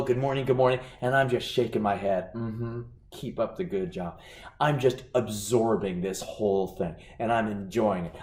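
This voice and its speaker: A man giving a business lecture, animated and acting out anecdotes as he teaches. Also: medium pitch, echoey room. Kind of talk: lecture with storytelling.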